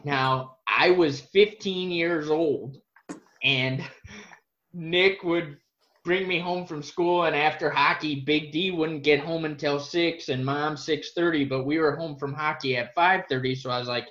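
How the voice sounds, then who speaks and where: A man co-hosting a podcast, telling family stories quickly and laughing along. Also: fairly high pitch, steady tone, fairly bright tone, reverberant. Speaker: podcast co-host. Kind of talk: casual storytelling. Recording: dull lo-fi sound.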